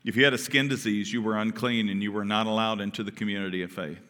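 A man's voice: on the low side, steady tone, quick pace, sharp tone. A man preaching a conversational sermon as pastor, retelling scripture and asking the congregation questions, with long reverb from the church sanctuary.

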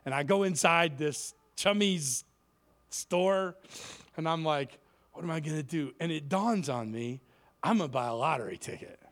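A man's voice: fairly high pitch, expressive, measured pace, fairly bright tone. A man preaching as a guest speaker in a church, telling a story in a joking, self-mocking way. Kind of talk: humorous sermon storytelling.

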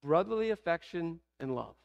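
A man's voice: fairly high pitch, very animated, moderate pace, vocal fry, highs cut off. A man with a Southern American accent preaching a sermon, asking the congregation rhetorical questions. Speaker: pastor.

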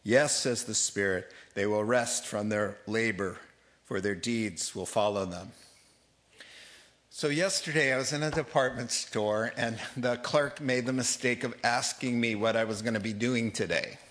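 Man preaching a lively Bible study. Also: medium pitch. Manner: lively, jokey, reads scripture aloud, laughs often. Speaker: pastor.

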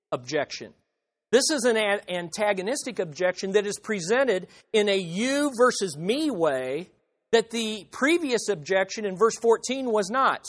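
A man preaching an expository sermon, emphatic, repeating phrases and acting out the objections he quotes. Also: sits high. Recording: reverberant hall.

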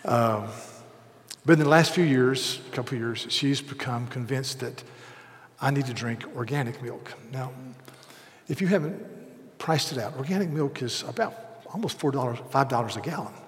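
A man in his sixties preaching a sermon, telling a self-deprecating story, dropping to hushed asides and rising to loud, emphatic peaks. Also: mid-range voice, normal speed. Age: 60s. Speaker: pastor. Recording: long hall reverb.

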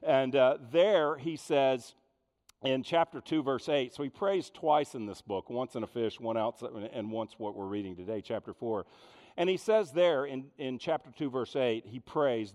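A man preaching a sermon in an animated way, full of rhetorical questions. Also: mid-range voice, normal speed, in a large hall. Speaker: pastor.

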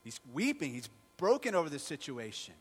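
A man's voice: a little high, big pitch swings, brisk, slight background noise. A male pastor preaching a sermon in a conversational storytelling manner, asking the congregation rhetorical questions.

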